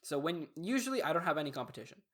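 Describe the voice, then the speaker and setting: A man's voice: fairly high pitch, sing-song, rapid-fire, fairly bright tone. A young man co-hosting a podcast, telling a story in a rambling, casual way with lots of fillers and restarts. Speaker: podcast co-host. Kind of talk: casual chat.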